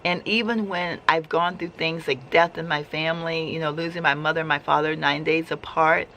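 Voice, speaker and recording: A woman recounts a personal faith story as a casual, heartfelt testimony, speaking conversationally and often restarting her sentences. Her voice is bright and forceful. A faint hiss of noise sits behind her. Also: low voice, fairly even intonation, moderate pace. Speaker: vlogger sharing faith testimony.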